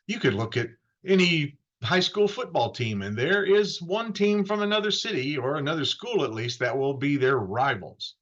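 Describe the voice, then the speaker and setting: A man preaching in a relaxed, conversational way, his pitch swinging up and down as he tells the story and slips into the voices of the people in it. The recording sounds dull and muffled. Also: normal speed, hardly any pauses. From Florida. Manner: lively storytelling, acting out quoted voices. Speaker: pastor. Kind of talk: conversational sermon.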